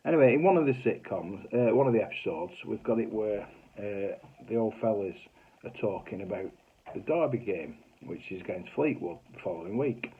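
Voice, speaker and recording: A man's voice: lowish voice, breathy edge. A middle-aged man with a Northern English accent, telling funny stories in a casual, broad way with mild swearing. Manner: chatty, broad, swears mildly, acts out voices. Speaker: comedy sitcom writer telling stories. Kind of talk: casual anecdotal storytelling. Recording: tinny phone-like audio.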